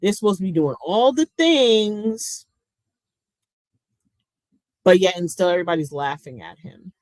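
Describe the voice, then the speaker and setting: A middle-aged woman runs a casual livestream, answering her chat in a blunt, sarcastic way and swearing freely. She talks at an unhurried, drawn-out pace, and her voice sounds close and dry with no room echo. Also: fairly low pitch, expressive, a little mellow. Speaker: livestream commentary host.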